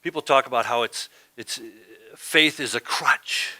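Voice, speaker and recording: A man's voice: medium pitch, a little slow, bright, forceful tone, dry recording. A man preaching a sermon as pastor, talking in a conversational way and often asking "right?".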